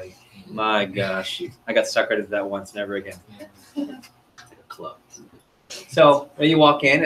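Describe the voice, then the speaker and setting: A man's voice: medium pitch, a bit bright, a little hiss or hum. Male sales trainer, chatty and upbeat, quizzing a seminar audience, mid-range voice. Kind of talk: interactive training seminar talk.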